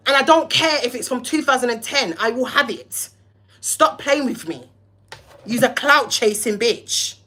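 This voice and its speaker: A woman's voice: fairly high pitch, expressive, measured pace, bright, forceful tone. A young woman, hosting a livestream and heatedly telling a story, cussing and acting out both sides of phone calls. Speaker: live-stream host.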